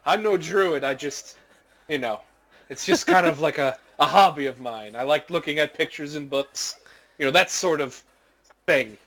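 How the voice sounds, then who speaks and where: A man's voice: a little high, normal speed, a bit bright. A man playing a fibbing nature-loving adventurer. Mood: mock-innocent. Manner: mock-innocent, fibbing. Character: adventurer feigning love of nature, male adult.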